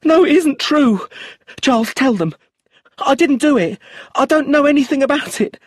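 A man reading an audiobook, voicing a frantic young widow who screams and pleads in a high, desperate voice. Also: lively intonation, normal speed, breathy edge, no echo, clean studio sound. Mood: hysterical.

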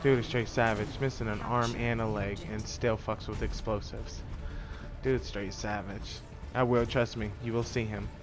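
A man giving loose, profane, casual commentary while playing a video game, with sudden loud outbursts. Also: fairly low pitch, flat delivery, moderate pace, over music. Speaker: gameplay commentator. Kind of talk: casual let's-play commentary.

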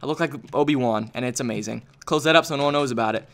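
A young man narrating a video game as he plays, excitable and jokey, often shouting. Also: medium pitch, rapid-fire. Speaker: gaming YouTuber.

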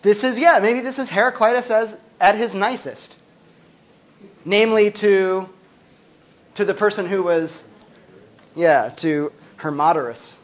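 A man's voice: sits high, a little slow, long pauses. A man lecturing on philosophy to a university class, casual and chatty with many fillers. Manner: chatty, filler-heavy, animated storytelling.

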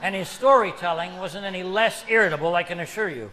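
A man telling a comic story on stage in a one-man play, with a dry, deadpan manner. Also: high-pitched, quick pace, hardly any pauses. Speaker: comedic storyteller.

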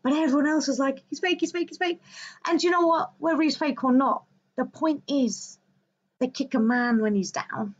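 A woman's voice: high-pitched, steady tone, moderate pace. A woman hosting a wellbeing livestream, talking to her viewers in a casual, passionate, emphatic monologue. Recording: slightly dull lo-fi audio.

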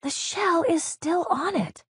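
A woman voicing an eager little mouse detective in a children's storybook reading, high and excited. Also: slow pace, no echo, studio quality, heavily acted. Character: bright eager young mouse detective Dot.

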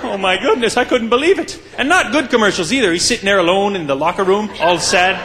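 A man's voice: sits high, expressive, fast talker, reverberant, heavy background noise. A man from Quebec doing stand-up comedy on stage, chatty and punchy, talking straight to the crowd. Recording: live club with audience.

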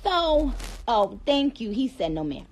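Playful, unhurried woman chatting on a phone livestream. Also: fairly high pitch, very animated, low-quality recording. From Trinidad. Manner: playful, chatty, addresses viewers directly. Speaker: livestream host. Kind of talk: casual livestream chat to viewers. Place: dim room indoors.

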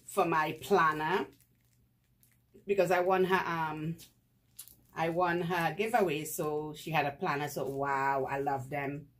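A woman's voice: sits low, fairly even intonation, takes it slowly. A woman vlogger opening fan mail, effusive and laughing, repeating her praise over and over. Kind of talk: casual unboxing chat.

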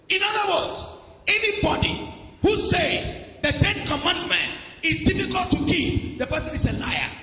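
High-voiced preacher in an echoing hall. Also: male voice. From Nigeria. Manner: preaching with call-and-response questions to the congregation; swings between loud shouted declarations and low asides. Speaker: pastor. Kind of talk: sermon. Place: large church hall. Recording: echoey hall with some background noise.

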